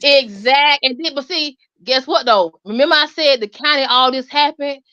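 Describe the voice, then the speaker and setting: A woman, hosting and telling a story in an animated, emphatic way. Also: sits high, moderate pace, no room sound. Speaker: host. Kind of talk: casual storytelling chat. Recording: dull lo-fi sound.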